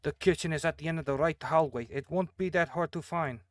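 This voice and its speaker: A man's voice: a little high, brisk, no room sound, studio quality, lightly acted. A man voicing a polite male restaurant worker greeting a new chef in a put-on accent, reading game dialogue aloud.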